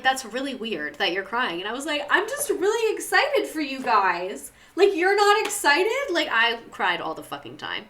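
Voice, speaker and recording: A woman's voice: mid-range voice, pushed and bright. A young woman hosting a casual livestream, chatty and rambling as she reads viewer stories and talks back to the chat. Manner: chatty, rambling, lots of "like" and laughs.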